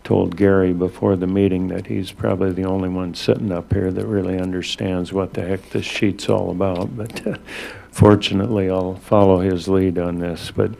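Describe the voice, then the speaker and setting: Hombre de voz grave y rasposa. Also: male voice, low-pitched. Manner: halting, many fillers, relaxed. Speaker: acting mayor chairing a council meeting. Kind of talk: chairing a meeting.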